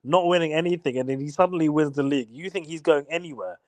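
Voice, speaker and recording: A man's voice: on the high side, fast talker, a little mellow, no echo. Teasing young man, dry sound. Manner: teasing, repeats words. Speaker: guest. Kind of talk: casual fan banter.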